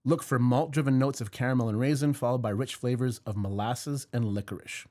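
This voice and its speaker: Man, casual host, rambling, jokey, mid-pitched voice. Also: fairly even intonation, brisk, darkish tone. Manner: jokey and rambling, with fillers and laughs. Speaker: podcast host. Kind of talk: casual chat. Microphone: headphones and mic.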